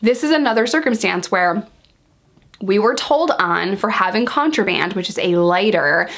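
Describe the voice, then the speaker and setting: A woman's voice: medium pitch, moderate pace. Woman vlogger, candid storytime, blunt and profane, mid-range voice, acts out quotes. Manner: frank, animated storytelling that acts out quoted dialogue. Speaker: vlogger sharing her jail experiences.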